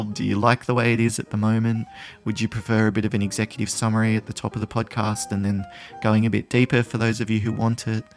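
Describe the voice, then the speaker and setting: Calm, gravelly-voiced male podcast host. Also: lowish voice. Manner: calm, measured, explanatory. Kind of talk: solo advice podcast.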